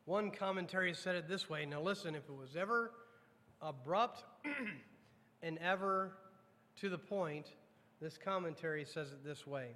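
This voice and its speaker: Man, pastor, high voice, emphatic sermon, reverberant sanctuary. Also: sharp tone. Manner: emphatic preaching, drops low and slow for weighty lines; addresses congregation directly with repeated questions. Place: church sanctuary.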